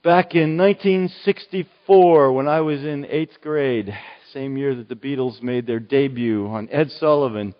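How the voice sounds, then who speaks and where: A man's voice: medium pitch, measured pace. An older man from Oklahoma preaching a sermon, earnest and emphatic, often restarting his phrases. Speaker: pastor. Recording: dull, echoey hall recording.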